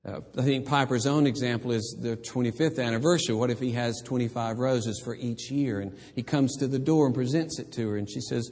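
An older man preaching a sermon, moving from hushed, tender reflection to emphatic, impassioned exhortation. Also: mid-range voice, fairly quick, hardly any pauses, long reverb tail. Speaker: pastor.

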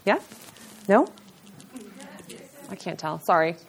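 A woman's voice: lowish voice, sing-song, slow pace, gravelly, a little hiss or hum. A woman speaking at a church event into a small handheld mic, chatty and self-deprecating, often laughing between points. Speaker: conference speaker. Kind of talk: casual talk to a church audience.

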